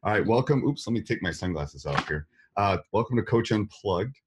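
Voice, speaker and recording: A man's voice: lowish voice, lively intonation, fairly quick, slight background noise. A man with a Wisconsin accent hosting a podcast interview, chatting casually and rambling, often repeating words and restarting. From Wisconsin, USA. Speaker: podcast host.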